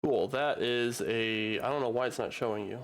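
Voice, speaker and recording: A man narrates a tabletop game as game master, talking casually, halting and restarting as he goes. His voice sits at a middle pitch. He is speaking into a home streaming mic.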